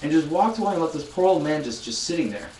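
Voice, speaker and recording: A man's voice: on the high side, lively intonation, fast talker, warm tone, echoey room, recorded from a distance, a little hiss or hum, rough recording. A man in his twenties chatting casually on a live stream, telling a rambling story with many restarts and addressing viewers. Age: 20s. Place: loud room.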